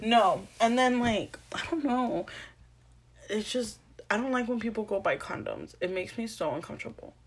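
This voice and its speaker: Young woman, co-host, casual banter, laughs easily, voice a bit high. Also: normal speed, breathy edge. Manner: giggly, animated storyteller. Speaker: podcast co-host. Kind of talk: casual chat.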